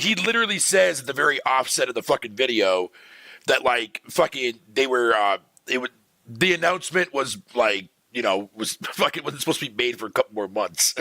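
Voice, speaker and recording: Profane, animated male streamer ranting. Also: mid-range voice, no room sound. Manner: profane, exasperated ranting with frequent laughs; talks to chat viewers by name. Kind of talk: casual live-stream rant.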